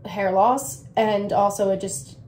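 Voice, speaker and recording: A young woman talks through a hair tutorial in a loose, rambling way. She mocks herself, trails off and fills gaps with "like" and "um" at a middling pitch. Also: steady tone, slow pace, darkish tone, slight background noise. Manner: rambling, self-mocking, lots of fillers; drifts into whispering at times. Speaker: beauty vlogger. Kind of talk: casual hair tutorial chat.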